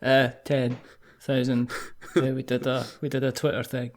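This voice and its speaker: Host: Scottish man, playful teasing banter, quick to laugh. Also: medium pitch, completely flat delivery, a little mellow. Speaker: podcast host. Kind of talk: casual podcast chat.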